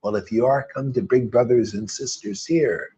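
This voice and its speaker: A spiritual teacher preaches loosely and informally in an animated, mid-range voice at a moderate pace, his dark tone heard through dull audio. Fervent and rambling, he scatters slang and mocks others in put-on voices.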